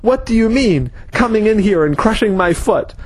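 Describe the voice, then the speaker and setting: A man doing an outraged injured man yelling. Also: high voice, lively intonation, moderate pace, no room sound, pitched above the performer's own voice. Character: angry injured man with a crushed foot.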